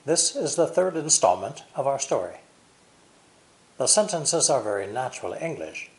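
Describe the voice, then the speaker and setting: An American man teaching English pronunciation, explaining clearly with deliberate, exaggerated stress. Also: mid-range voice, sing-song. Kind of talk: language lesson explanation.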